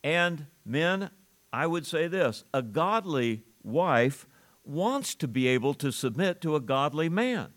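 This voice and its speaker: A man preaching a sermon to a congregation, earnest, with pauses, restarts and emphatic rises on key lines. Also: fairly high pitch, sing-song, fairly bright tone. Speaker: pastor.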